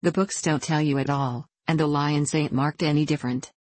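A woman's voice: low voice, steady tone, normal speed, darkish tone. A woman reading an audiobook, voicing a boastful, bossy eldest boy with eager lines.

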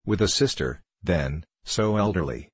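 A man with a husky voice reading a cheerful, easygoing young male painter in a light, teasing manner. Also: deep voice, lively intonation, measured pace, no room sound, exaggerated voice.

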